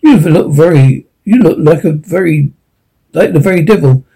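Brisk wry private eye, husky and mellow, read by a man. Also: a little high, lively intonation, full character voice, low-quality recording. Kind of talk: audiobook reading.

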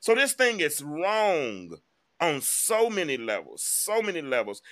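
A man's voice: a little high, wildly swooping pitch, unhurried, a bit bright. A man hosting a live online talk show, giving casual, emphatic commentary and speaking straight to his viewers. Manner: chatty, emphatic, addresses viewers directly.

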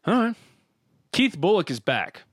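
A middle-aged man with a drawl, co-hosting a casual sports talk show. His voice sits a little high, and he tells animated stories and laughs often. The recording is close and dry, with no room sound. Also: measured pace, no echo. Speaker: podcast co-host.

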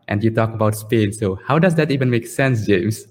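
Male co-host, lowish voice, reverberant room, loose questions. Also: moderate pace. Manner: curious, asks questions with lots of fillers. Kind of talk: casual conversation.

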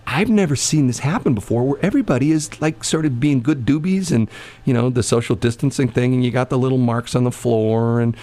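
A man's voice: medium pitch, a little fast, dark tone. A man casually telling a long anecdote in conversation, rambling with many restarts and bursts of laughter. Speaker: storyteller in a conversation.

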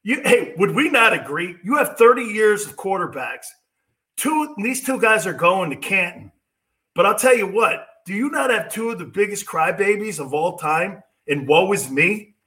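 A middle-aged man hosts a sports talk show, delivering an opinionated monologue that rants about quarterbacks. His high, expressive voice is pushed and bright at a moderate pace, and he's brash and mocking, slipping into whiny impressions.

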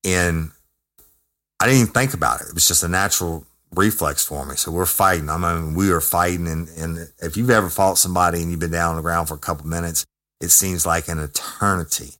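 A man, a former correctional officer, telling a story in a profane, emphatic, animated way. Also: low-pitched, fairly quick. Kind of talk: casual storytelling.

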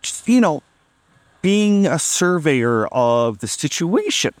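A man's voice: a little high, very animated, takes it slowly, no echo. A man casually telling a funny story on a podcast, amused and laid-back, acting out what people said.

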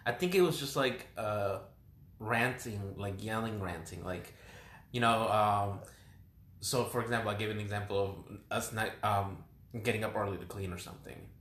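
A young man with a somewhat low voice talks through his thoughts in a slow, reflective way, halting and restarting his sentences. His voice carries the echo of a roomy space around him. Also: fairly bright tone. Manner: reflective, hesitant, many restarts. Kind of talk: casual conversation. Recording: roomy echoing room.

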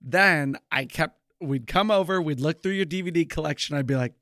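Young male co-host, a touch high-pitched, animated and self-deprecating, dry close sound. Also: moderate pace, no room sound. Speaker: podcast co-host. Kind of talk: casual chat.

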